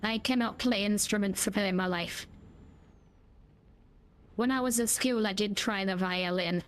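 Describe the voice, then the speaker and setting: While streaming a driving game, a woman chats casually about the gameplay in a playful, joking and meandering way. Her voice is medium-pitched and her pace measured.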